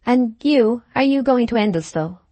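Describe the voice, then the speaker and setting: A man's voice: very high-pitched, lively intonation, normal speed, dark tone, dry recording, pitched above the performer's own voice. A woman reading an audiobook gives us a young man raised a few notches above her own voice, earnest and stung with bitterness. He pleads and protests with a swelling, passionate edge, in a dry, close-sounding read. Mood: curt. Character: young man, wounded and passionate rival suitor.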